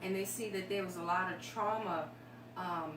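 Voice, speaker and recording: A woman's voice: on the low side, fairly even intonation, moderate pace. Woman telling her story, echoey and distant. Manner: heartfelt, rambling, emotional. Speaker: guest sharing her story. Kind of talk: candid talk show conversation. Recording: echoey room, distant mic, noisy.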